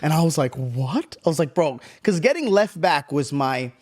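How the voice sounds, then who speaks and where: Animated swearing male podcast storyteller. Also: fairly high pitch, normal speed. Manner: animated, swears a lot, acts out voices in stories. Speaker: podcast co-host. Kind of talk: casual storytelling chat.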